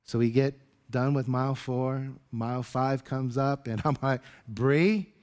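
A man's voice: medium pitch, little pitch movement, moderate pace, darkish tone, clear, resonant tone. A male pastor giving a conversational sermon, telling a personal story in an informal manner and addressing listeners as beloved.

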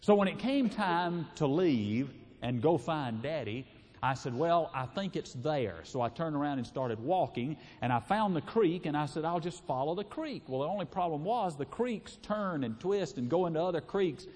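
Folksy preacher in a hall. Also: male voice, fairly high pitch, lively intonation, moderate pace, darkish tone. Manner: folksy, chuckling, homespun. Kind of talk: folksy sermon storytelling. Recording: reverberant hall.

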